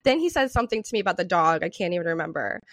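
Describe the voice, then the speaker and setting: A woman co-hosting a podcast who tells a story in a casual, animated way, swearing freely and laughing often. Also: fairly low pitch, racing, dry recording, clean studio sound. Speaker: podcast co-host.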